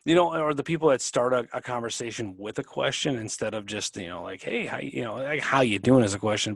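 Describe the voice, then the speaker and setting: In studio quality with no echo, a man with a medium-pitched voice co-hosts a podcast, chatting casually while he rambles and restarts sentences.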